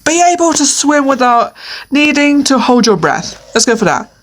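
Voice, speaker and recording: Talking to herself through a quiz, a female video creator sounds playful and hesitant, laughing often and using many fillers. Her high-pitched voice swings widely in pitch at a normal speed, and there is background noise behind this casual solo commentary.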